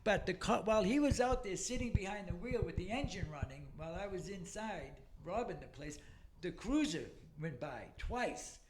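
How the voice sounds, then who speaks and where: A man's voice: sits high, normal speed, a little hiss or hum. A man in his older years, telling profane stories as a podcast guest and acting out the people in them. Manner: profane, animated storyteller who acts out quoted people. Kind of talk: casual storytelling chat.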